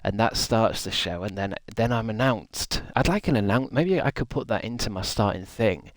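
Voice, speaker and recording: Casual male streamer, lowish voice, dry close sound, chatty and rambling. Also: expressive, normal speed, dry recording. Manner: rambling, chatty, reads and answers chat. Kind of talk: casual live-stream chat.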